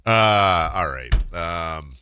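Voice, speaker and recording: A man's voice: sits low, lively intonation, pushed and bright, a little hiss or hum. A man hosting a sports radio show, riffing playfully through casual banter. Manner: playful, riffing, quick to laugh.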